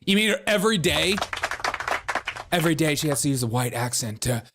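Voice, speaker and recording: A man's voice: fairly high pitch, expressive, a little fast, noisy background. A man hosting a comedic news commentary show, mocking and laughing often as he slips into put-on accents.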